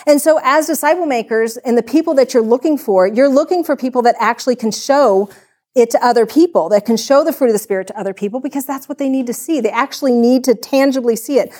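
A woman with a slightly high voice who works as a church women's minister. She talks as a podcast guest and tells her story in a chatty, frank and earnest way. She often acts out what people said. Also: a little mellow. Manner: chatty storytelling, acting out quoted dialogue.

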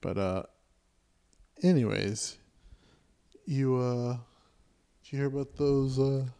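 A man's voice: medium pitch, slow, vocal fry, smooth. A man co-hosting a podcast in casual chat, swearing freely and acting out what people said in his stories. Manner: profane, animated when quoting people. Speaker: podcast co-host.

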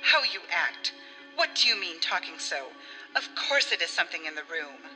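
A woman's voice: on the low side, very animated, normal speed, sharp tone, exaggerated voice. A woman voicing a stern, dry, clipped older sister. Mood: rigid. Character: stern, rigid middle-aged woman holding her calm. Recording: long reverb with faint music.

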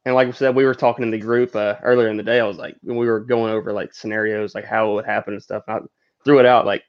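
A man in a casual podcast chat, rambling with lots of "I mean" and "like" as he shares his excitement. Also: on the low side, quick pace, lo-fi sound.

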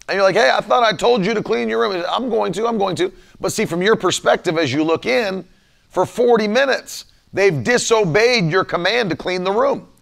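A man's voice: high-pitched, vocal fry, a bit bright. A man preaching a livestreamed sermon, fervently repeating lines with rising emphasis.

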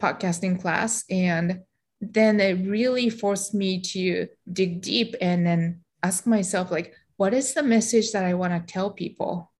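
A woman's voice: medium pitch, a little mellow. A middle-aged woman from Japan, speaking English as her second language with a Japanese accent, a guest in an interview, reflective, with many "like" fillers and light laughs. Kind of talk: interview conversation.

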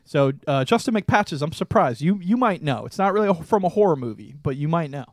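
A young man co-hosting a podcast, telling a story in casual chat, animated and laughing often. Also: on the high side, a little fast, no echo, clean studio sound. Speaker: podcast co-host.

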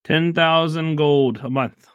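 A man's voice: fairly high pitch, steady tone, slow, fairly bright tone, clean tone, dry recording, muffled recording. Guy doing a fed-up temple shop lady, irish accent slipping in and out, dry sound. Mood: exasperated. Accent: patchy Irish put-on. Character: irritated woman shopkeeper of a temple.

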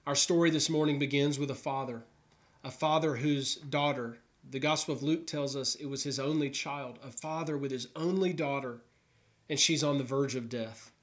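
A man's voice: medium pitch, steady tone, normal speed. A man preaching an Easter sermon, telling a Gospel story earnestly and voicing the characters' thoughts. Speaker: pastor. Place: New York.

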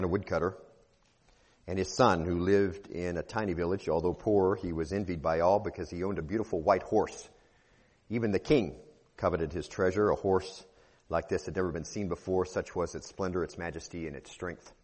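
A male pastor reading scripture and telling a story in a sermon, measured, lifting his emphasis on key phrases. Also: deep voice, long reverb tail.

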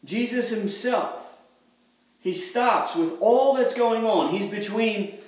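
Male pastor, high-pitched, dramatic preaching, dull distant recording. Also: takes it slowly. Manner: preaching with dramatic voiced crowd quotes. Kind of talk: sermon. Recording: echoey hall, distant mic, dull sound.

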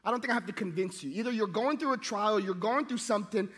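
A man's voice: sits high, fast talker, husky, big-room sound. A middle-aged man preaching a sermon, telling funny stories and acting out the people in them. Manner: animated, jokey, acts out voices. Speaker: pastor. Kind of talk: sermon with storytelling.

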